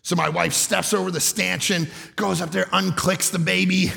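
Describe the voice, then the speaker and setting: Middle-aged male pastor, bright gravelly voice, fairly high, animated sermon delivery, long hall reverb. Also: moderate pace. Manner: animated storytelling, often shouting for emphasis.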